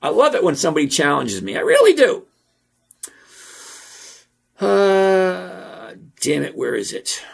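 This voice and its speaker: A middle-aged man hosting a stock trading channel, walking through numbers on screen in a casual, teasing, sarcastic way and repeating points slowly for emphasis. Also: high voice, lively intonation, creaky, slightly rough.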